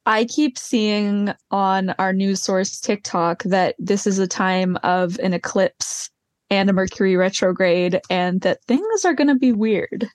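A woman's voice: mid-range voice, measured pace, darkish tone, dry recording. A woman co-hosting a casual podcast chat, reacting to and teasing her friend. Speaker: podcast co-host.

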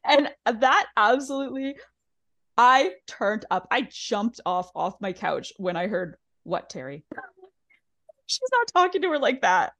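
A woman with a slightly high voice and a slightly slow delivery co-hosts a podcast, chatting casually as she recaps a reality show. She's animated and swears freely, acting out the cast's lines as she goes.

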